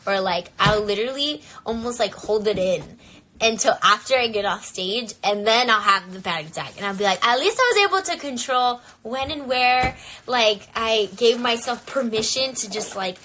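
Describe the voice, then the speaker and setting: Young woman on a phone live stream, bright voice, rambly and candid, says like a lot. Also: fairly high pitch, expressive, normal speed, slight background noise. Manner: candid and rambling, full of filler "like". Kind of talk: casual live-stream chat.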